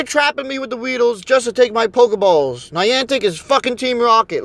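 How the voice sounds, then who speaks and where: A man's voice: very high voice, animated, normal speed, gravelly, a bit bright, dry recording. A man with a New Jersey accent and a sore throat, ranting with constant cursing in a car as he plays a phone game, recorded on a phone. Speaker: channel host. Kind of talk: profane rant while playing a phone game in a car. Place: car, on city streets.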